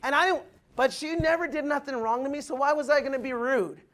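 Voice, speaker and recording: Young male motivational speaker, high-pitched, punchy, keeps rallying the room. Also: quick pace. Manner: energetic, addresses the crowd as guys, acts out quotes. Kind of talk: motivational business talk.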